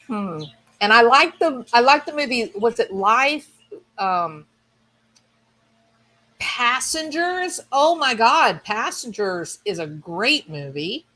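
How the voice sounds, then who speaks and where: Slow-talking, chatty woman streamer. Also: fairly high pitch, sing-song, sharp tone. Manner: rambling, enthusiastic, thinking aloud. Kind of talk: casual chat.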